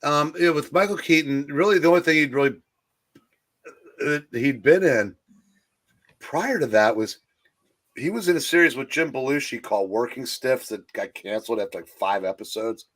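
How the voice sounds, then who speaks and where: A man co-hosting a casual movie chat over a streaming call mic. He rambles and halts, restarting his sentences over and over. His voice sits at an ordinary middle pitch. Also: fairly bright tone. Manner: rambling, halting, with many restarts. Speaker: co-host of a movie talk stream.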